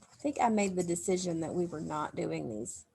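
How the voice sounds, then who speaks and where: A woman's voice: on the low side, animated, normal speed, creaky, dark tone, slightly rough. A woman teacher giving a recorded grammar lesson to young children, explaining step by step in a patient way. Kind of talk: recorded remote phonics lesson.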